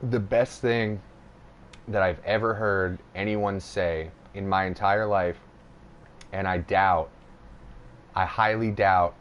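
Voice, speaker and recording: A man's voice: low-pitched, slight background noise. Profane, rambling young man telling a story. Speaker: podcast host. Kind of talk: casual storytelling chat.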